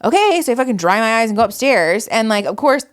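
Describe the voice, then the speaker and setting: A woman's voice: a little high, fast talker. A woman hosting a podcast, telling a story in casual chat, swearing often and acting out what people said. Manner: animated storyteller, swears often, acts out quotes. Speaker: podcast host.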